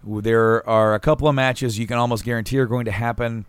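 A man's voice: medium pitch, fairly even intonation, a little fast, clean tone, dry recording. A man co-hosting a casual podcast chat, rambling with restarts, laughing often and swearing casually. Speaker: podcast co-host.

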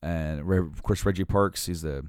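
A man in a casual chat who tells long stories in a halting, rambling way with many fillers. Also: low voice, steady tone, a little mellow, clear, resonant tone, dry recording, studio quality.

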